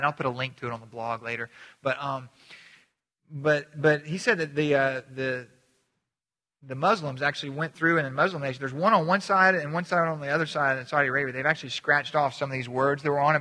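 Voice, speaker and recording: A man preaching a sermon as pastor, animated and conversational, acting out little voices and often restarting his sentences. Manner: animated, acts out voices with sudden pitch jumps; halting restarts and repeated words. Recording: long hall reverb.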